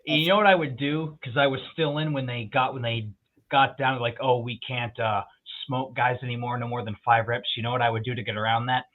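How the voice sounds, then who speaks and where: Man, casual storyteller, salty and animated, phone-quality audio. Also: medium pitch, brisk. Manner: profane, animated storyteller, quotes others in voices. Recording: tinny phone-like line.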